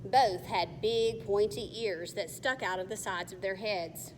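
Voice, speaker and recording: A woman reading a children's novel aloud in a careful, measured way. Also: mid-range voice. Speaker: narrator. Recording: faint long reverb, faint hiss.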